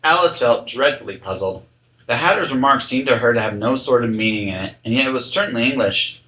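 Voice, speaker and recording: A man narrating a children's classic aloud as a podcast reading, with expressive storytelling. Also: mid-range voice, fairly quick, roomy sound, slight background noise, low-quality recording. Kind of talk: audiobook narration.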